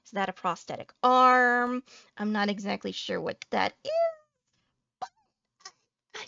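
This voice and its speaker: A woman's voice: medium pitch, takes it slowly, vocal fry, long pauses, a bit bright, no echo, dull audio. A woman VTuber giving a salty, profane reaction commentary, ranting and joking at her viewers. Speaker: VTuber streamer.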